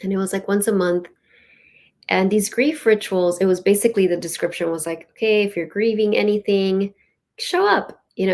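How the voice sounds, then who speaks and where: Earnest woman telling a spiritual story. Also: mid-range voice. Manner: conversational and storytelling, with frequent "like" and "you know"; earnest, with soft laughs. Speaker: host and spiritual leadership teacher. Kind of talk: casual spiritual teaching.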